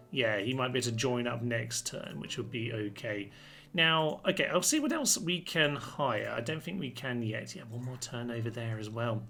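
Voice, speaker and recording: A man's voice: medium pitch, bright, forceful tone. A man giving cheerful, chatty commentary while playing a strategy game, with a touch of mock grandeur. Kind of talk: let's-play commentary.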